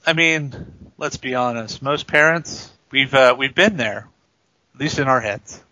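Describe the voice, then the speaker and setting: Male co-host with a bright, forceful tone, quick with deadpan asides; dry, muffled recording. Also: medium pitch, no room sound. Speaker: podcast co-host. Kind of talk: casual movie-discussion podcast.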